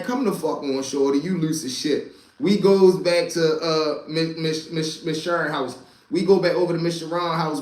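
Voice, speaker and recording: A man casually telling a rambling, profane street story to a live audience. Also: fairly high pitch. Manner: loose, profane street storytelling with many asides. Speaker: storyteller and channel host. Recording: roomy echo.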